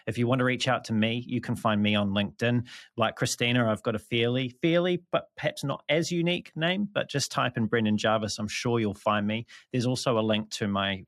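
A man hosting an interview podcast, speaking in a measured, courteous way with a few restarts. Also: medium pitch, fairly even intonation, fairly bright tone, no echo, studio quality, soft background music. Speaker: podcast host.

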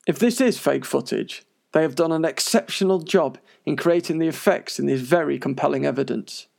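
Wry man narrating with a gravelly voice. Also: fairly high pitch, moderate pace, darkish tone. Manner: wry, sarcastic asides. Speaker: paranormal news presenter. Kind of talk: scripted narration.

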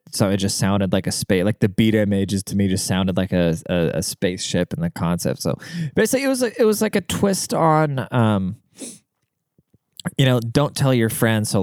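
Man rambling crudely, crisp dry voice. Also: lowish voice, a little mellow, no echo. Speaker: podcast host. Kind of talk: casual monologue.

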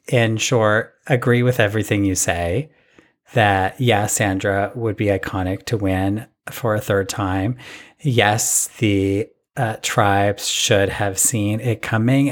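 Male podcast host, low voice, loose chatty delivery with plenty of ums. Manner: relaxed, hesitant with fillers. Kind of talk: casual recap chat.

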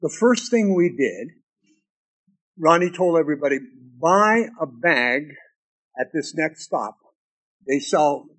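High-voiced preacher, emphatic and repetitive. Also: male voice, rough recording. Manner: emphatic, repeats key lines, storytelling asides. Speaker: pastor. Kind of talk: sermon.

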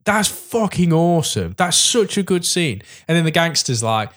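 A man's voice: a little high, big pitch swings, moderate pace, a bit bright. A man co-hosting a podcast in casual chat, rambling with many fillers and casual swearing. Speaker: podcast co-host.

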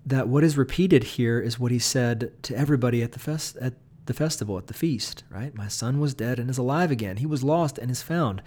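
A man's voice: medium pitch, brisk, hardly any pauses, darkish tone. Pastor guy walking thru a bible text, chatty, keeps saying right?. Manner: conversational, often asks "right?". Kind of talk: Bible study talk.

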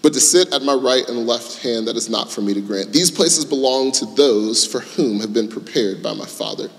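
A man's voice: medium pitch, moderate pace, creaky, long reverb tail. A man preaching a sermon in a conversational storytelling manner, acting out the voices in his story. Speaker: pastor.

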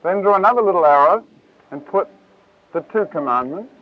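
Man preacher, high voice, animated and folksy; tinny lo-fi tape sound. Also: fairly quick. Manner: lively, casual, acts out scripture voices. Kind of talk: Bible teaching talk.

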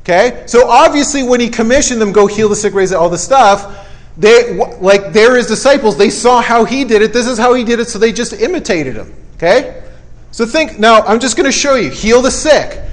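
A man's voice: very high-pitched, lively intonation, fairly quick. A male preacher giving a conversational sermon, emphatic and repetitive with folksy asides.

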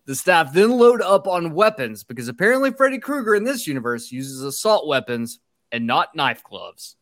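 A man's voice: a little high, very animated, moderate pace, a bit bright, dry recording. Wry man recapping a movie, dry mic. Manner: wry, sarcastic asides while summarizing plot. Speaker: podcast co-host. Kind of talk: casual chat recapping a film.

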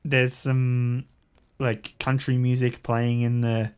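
Calm man running a tabletop game. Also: medium pitch, slow, smooth. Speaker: game master.

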